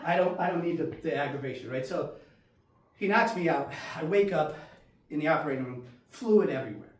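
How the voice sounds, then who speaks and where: A man performing a solo stand-up storytelling set on a small theater stage, animated and jumping to loud exclaimed punchlines. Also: fairly high pitch, brisk. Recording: roomy stage sound from far off.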